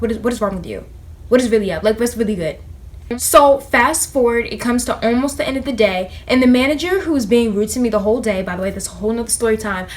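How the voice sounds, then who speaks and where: A young woman vlogger in casual storytime chat, animated and slangy as she talks straight to her viewers. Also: on the high side. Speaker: vlogger telling a work story.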